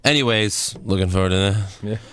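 A man's voice: lowish voice, brisk, pushed and bright. A man co-hosting a casual wrestling podcast, rambling through event recaps with a sarcastic edge. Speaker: podcast co-host.

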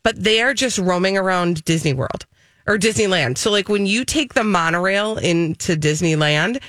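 A woman co-hosting a morning radio show, talking in a chatty, rambling, animated way. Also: lowish voice, moderate pace, dry recording. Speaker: radio co-host. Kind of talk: casual morning radio banter.

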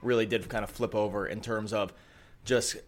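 Energetic man hosting a sports podcast. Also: lowish voice, moderate pace. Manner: energetic, rambling, with fillers and restarts. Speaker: podcast host. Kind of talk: casual sports podcast chat.

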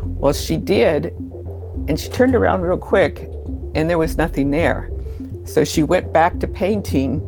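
A middle-aged woman recounting childhood memories in an interview, unhurried and full of pauses. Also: deep voice, music in the background. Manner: slow, unhurried storytelling with pauses. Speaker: interview guest. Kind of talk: storytelling in an interview.

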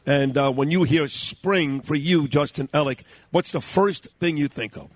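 A man hosting a morning radio show in a New York studio, jokey and upbeat, quick to laugh. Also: a little high, no room sound. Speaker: radio host.

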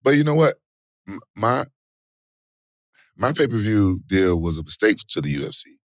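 A middle-aged man with a fairly low voice talks casually in slangy speech as an interview guest. His storytelling turns animated, with loud exclamations. The sound is dry and close. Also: moderate pace, dry recording. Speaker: interview guest, former fighter and actor.

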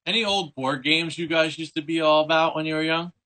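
A man's voice: a little high, fairly even intonation, a little fast, pushed and bright. A man hosting a casual chat, easygoing, with small restarts.

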